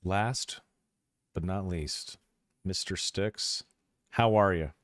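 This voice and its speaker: A man's voice: sits low, takes it slowly, no room sound, studio quality. A man running a tabletop game on a stream, chatting playfully and teasing his players. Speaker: game master. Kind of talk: casual stream chat.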